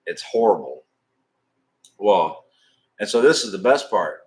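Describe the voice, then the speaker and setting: A man hosting a live stream, telling a long, rambling, profane story in a casual, animated way. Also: lowish voice, a little slow.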